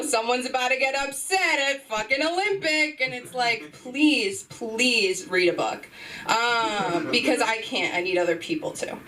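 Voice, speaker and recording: A woman's voice: mid-range voice, fairly bright tone, recorded from a distance. A young woman hosting an open mic, doing a loose, rambling, self-mocking stand-up set with sudden yelps. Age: young adult. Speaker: open mic host and comedian. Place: comedy club stage. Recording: noisy room, voice from off mic.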